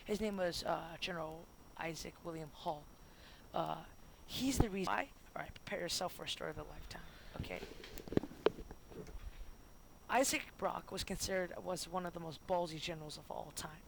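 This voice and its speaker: Rambling, gravelly student history narrator. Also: medium pitch, steady tone, moderate pace. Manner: rambling and goofy, full of fillers and self-corrections. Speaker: student making a history video. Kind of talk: jokey homemade history narration. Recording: noisy home recording with clicks.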